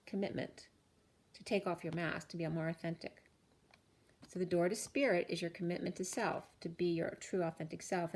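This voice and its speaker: Lower-voiced woman giving a chatty card reading. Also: darkish tone. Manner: chatty, laughs often, emotional asides. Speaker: spiritual card reader. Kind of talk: casual spoken card reading.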